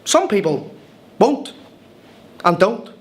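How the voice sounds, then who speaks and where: Slow and heavily acted, this high male voice swings widely in pitch as a cheerful Irish newcomer narrates a scripted film monologue. The accent is present from the first line, and his chatty, wide-eyed, wry storytelling includes hesitant restarts and the occasional stumble over a word.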